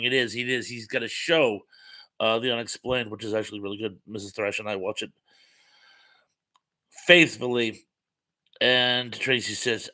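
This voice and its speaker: A man's voice: mid-range voice, moderate pace, pushed and bright. A man in his fifties hosting a casual live chat, reading viewer comments aloud and chatting between them with plenty of fillers. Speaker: host.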